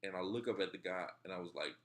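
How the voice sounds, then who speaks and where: Deep-voiced young man telling a story. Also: fast, very noisy. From Texarkana area, southern US. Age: young adult. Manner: laid-back, rambling, laughs at himself, quotes his own thoughts. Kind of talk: casual personal storytelling.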